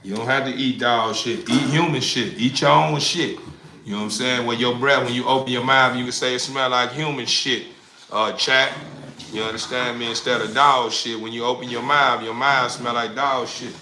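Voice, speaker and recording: A man's voice: mid-range voice, steady tone, moderate pace, bright, forceful tone, slight background noise. A man in his forties ranting profanely to a live chat, rambling and repeating the same questions in crude slang. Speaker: livestreamer.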